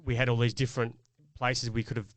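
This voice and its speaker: In a dry recording, a middle-aged man co-hosting a podcast talks fast in a mid-range, fairly level voice. The conversation is casual, and he recounts a parenting experience of his own with earnest reflection.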